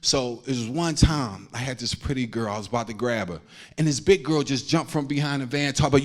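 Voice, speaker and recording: A man's voice: mid-range voice, fairly quick. A man doing a stand-up comedy set, telling loose slangy stories and acting out the people in them. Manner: loose slangy storytelling, acts out quotes.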